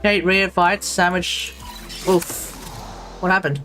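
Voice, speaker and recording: A man's voice: sits high, steady tone, takes it slowly, sharp tone, soft background music. Rambling Australian man streaming a game. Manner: rambling, restarts often, chats with viewers. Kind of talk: casual live-stream chat.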